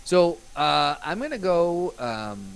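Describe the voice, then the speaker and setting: A man co-hosting a podcast in casual chat, upbeat and quick to egg his partner on. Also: fairly high pitch, sing-song, smooth, poor audio. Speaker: podcast co-host.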